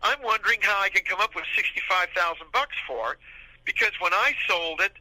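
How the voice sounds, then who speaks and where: A man's voice: high-pitched, a little fast, no echo, poor audio. A man in his sixties, a podcast guest telling rambling anecdotes and acting out the people he quotes. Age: 60s. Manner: rambling, animated, acts out quoted dialogue. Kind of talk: casual anecdotal storytelling.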